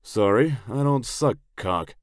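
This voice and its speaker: A man doing a loud, brash crude biker. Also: on the low side, slow pace, dry recording, clean studio sound, voice pushed up.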